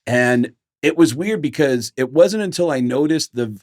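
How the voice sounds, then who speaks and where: An animated middle-aged man co-hosting a podcast, spinning comic stories and slipping into other people's voices as he goes. His pitch sits in the ordinary middle range, and the sound is close and dry. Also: normal speed, no room sound. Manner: animated storyteller, acts out quotes. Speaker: podcast co-host; comedian. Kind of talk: casual chat.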